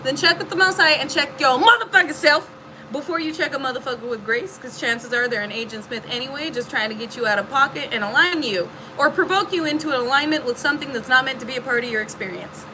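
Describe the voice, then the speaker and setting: A woman's voice: high voice, quick pace, background noise. A woman giving a casual spiritual reading to her viewers, emphatic and preachy, swearing freely. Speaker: spiritual reader.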